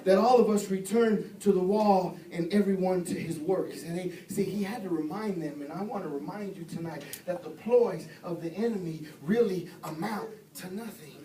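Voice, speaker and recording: A middle-aged male evangelist with a high voice preaches a sermon at normal speed with hardly any pauses, heard from a distant mic in an echoey church sanctuary. He tells humorous stories informally, repeats phrases, and swings from soft storytelling to shouted exhortation. The congregation calls out responses.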